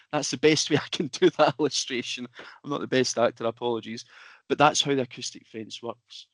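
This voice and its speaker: A man's voice: medium pitch, fairly bright tone, dry recording. Chatty man giving a webinar. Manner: chatty, informal, filler-heavy. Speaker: product presenter. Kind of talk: webinar product presentation. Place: home office.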